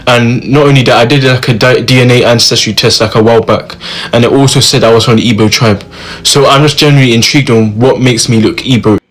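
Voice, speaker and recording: A relaxed man from Jamaica talking casually to camera. He sounds curious and easygoing. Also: medium pitch, quick pace. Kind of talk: casual vlog chat.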